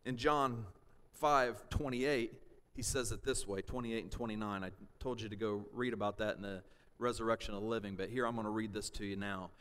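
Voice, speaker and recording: A man's voice: on the low side, fairly even intonation, a little fast, clean tone. Man preaching in a reverberant hall. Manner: explanatory teaching, checks in with "okay?" and "all right?"; rises to shouts for emphasis. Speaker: pastor. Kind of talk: sermon.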